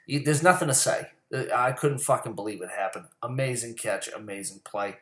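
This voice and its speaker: Brisk and barely pausing, a male sports commentary host launches into a heated, rambling rant about sports, full of profanity. His mid-range voice is a bit bright, captured with a roomy sound.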